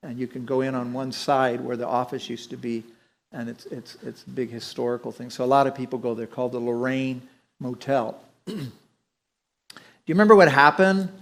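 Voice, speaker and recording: A man's voice: medium pitch, steady tone, normal speed, gravelly, fairly bright tone. A middle-aged man teaching a Bible lesson in a conversational sermon style, often restarting his sentences.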